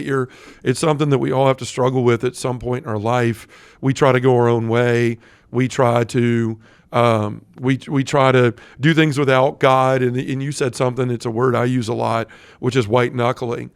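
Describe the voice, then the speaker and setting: A man's voice: medium pitch, dry recording. Friendly male podcast host, faint music. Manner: friendly, conversational, with quick asides. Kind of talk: casual interview chat.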